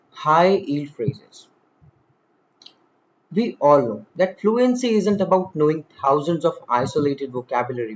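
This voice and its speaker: A man teaching spoken English at a slow, careful pace. His voice swings widely in pitch as he leans hard on the stressed words of his examples. The recording is a little dull and lo-fi.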